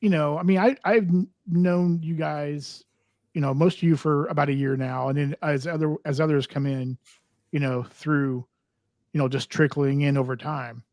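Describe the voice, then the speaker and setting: A man in a casual livestream chat, eager and halting, with lots of fillers. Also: fairly high pitch, steady tone, darkish tone, dry recording.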